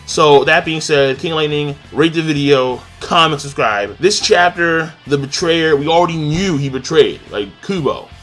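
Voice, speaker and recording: A young man giving a live, excitable reaction to a manga chapter, joking and swearing as he reads. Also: on the high side, moderate pace, hardly any pauses, faint music behind. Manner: excitable, profane, jokey.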